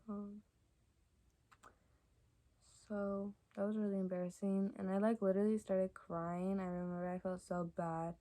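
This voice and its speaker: A young adult woman vlogger telling stories to camera in a casual, rambling way, with lots of fillers and soft asides. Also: medium pitch, little pitch movement, moderate pace. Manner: chatty and rambling, many fillers like "like" and "y'all". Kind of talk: casual storytime chat to camera.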